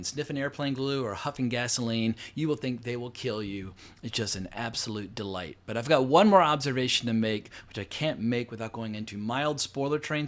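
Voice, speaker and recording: A man's voice: mid-range voice, fairly bright tone. A middle-aged man giving a casual spoken movie review, blunt and sarcastic, rambling with fillers and self-corrections. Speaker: film reviewer.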